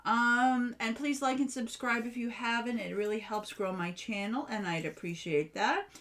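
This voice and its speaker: A woman's voice: fairly high pitch, moderate pace, a bit bright. A woman from the US giving a casual tarot reading from home, talking straight to the viewer in a chatty, reassuring way. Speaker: tarot reader.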